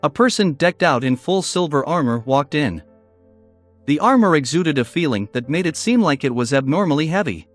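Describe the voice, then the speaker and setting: A man narrating a fantasy novel in an even, unhurried reading. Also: fairly high pitch, soft background music.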